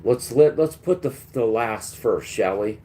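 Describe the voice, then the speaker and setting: A man's voice: mid-range voice, expressive, measured pace, warm tone. A man hosting a livestream, delivering a preachy, combative monologue and talking back to his chat. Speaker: livestream host.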